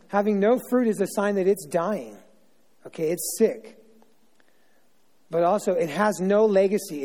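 High-voiced man preaching in a reverberant hall. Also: mellow. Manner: chatty, self-interrupting, jokey asides. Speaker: pastor. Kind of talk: informal joking sermon. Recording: long reverb of a large hall.

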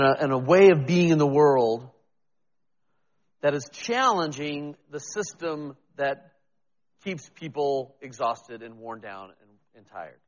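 Conversational pastor, reverberant church. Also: male voice, on the high side, lo-fi sound. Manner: conversational, self-deprecating, with restarts. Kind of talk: sermon.

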